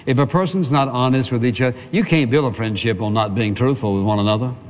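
A man preaching a sermon in a plain, conversational way, speaking straight to his congregation. His voice sits at an ordinary middle pitch. A long reverb trails behind his words, as in a large hall. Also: fast talker, slight background noise.

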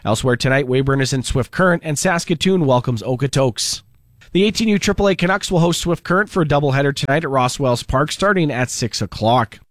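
A man reading local news and sports for a radio station in a steady, scripted way. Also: mid-range voice, fairly quick, no echo, studio quality. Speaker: radio newsreader. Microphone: studio mic.

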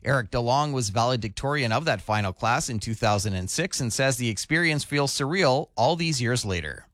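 A male radio news anchor reading a scripted local newscast in a steady, measured delivery. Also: mid-range voice, dry recording, clean studio sound.

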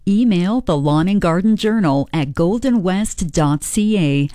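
A woman announcer reading a scripted station announcement in a measured, calm way. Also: fairly low pitch, no room sound, studio quality.

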